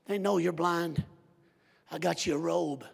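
A man's voice: a little high, measured pace, gravelly, big-room sound, full character voice. A man doing a tender blind beggar father.

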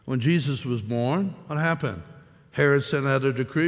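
A man's voice: medium pitch, expressive. Earnest male preacher in a reverberant hall. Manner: earnest, repetitive emphasis, measured delivery. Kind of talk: sermon.

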